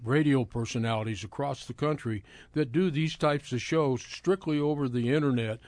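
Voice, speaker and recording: A man's voice: mid-range voice, moderate pace, darkish tone, no room sound. Affable male radio co-host. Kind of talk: casual radio talk.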